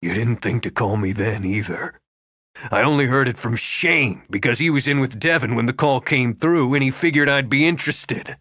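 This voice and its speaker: A man's voice: mid-range voice, moderate pace, a bit bright, no echo, studio quality, natural voice. A man voicing a brooding, hot-tempered young man in an audiobook, curt and bitter. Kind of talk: audiobook character voice.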